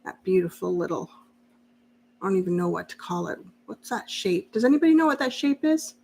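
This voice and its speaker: Woman, sewing-stream host, chatty, quick to laugh, answers viewer comments while working. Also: mid-range voice, animated, creaky, darkish tone, a little hiss or hum. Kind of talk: casual live-stream sewing chat.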